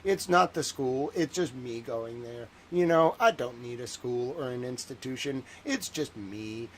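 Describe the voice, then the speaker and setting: A man's voice: mid-range voice, measured pace, slight background noise, poor audio. A man, hosting a rambling livestream monologue with boastful, joking bursts. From Massachusetts. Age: 30s. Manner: animated, swings from muttering to excited bursts. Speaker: livestream host.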